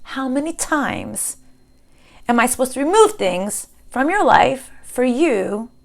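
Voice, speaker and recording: A woman's voice: sits high, very animated, takes it slowly, creaky, pitched above the performer's own voice, exaggerated voice. A woman voicing an exasperated male God who asks reproachful questions of his children.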